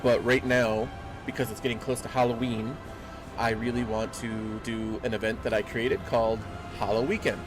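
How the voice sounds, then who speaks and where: Speaking at a moderate pace with a level, mid-range voice, a young man chats with viewers while streaming a game at home. The talk is casual and rambling, full of fillers, caught on a desk mic with game music in the background.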